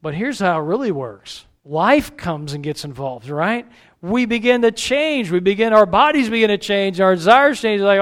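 A man's voice: high voice, animated, normal speed, a bit bright. A middle-aged man, a pastor, preaching a conversational sermon full of rhetorical questions and asides to the congregation.

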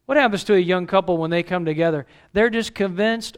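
A man's voice: sits high, brisk. A middle-aged man, a pastor, preaching a conversational sermon full of rhetorical questions and asides to the congregation.

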